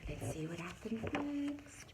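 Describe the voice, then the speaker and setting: A teacher reading a picture book aloud to young children, expressive and gently animated. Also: female voice, a little high, a little slow, heavy background noise. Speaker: primary school teacher.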